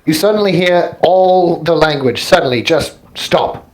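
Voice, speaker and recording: A man's voice: a little high, measured pace, poor audio. A man narrating as dungeon master, describing scenes in a rambling, self-correcting way. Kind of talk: narrating a tabletop game.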